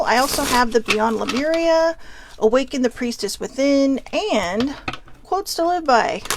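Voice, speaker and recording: A woman's voice: fairly high pitch, noisy background. A middle-aged woman hosting a casual chat show, reading from card decks as she goes, chatty and laughing, swearing freely. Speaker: host.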